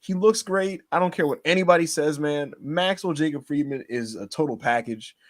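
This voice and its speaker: A man co-hosting a casual podcast, excitable and teasing, laughing often as he talks. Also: on the high side, normal speed. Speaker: podcast co-host.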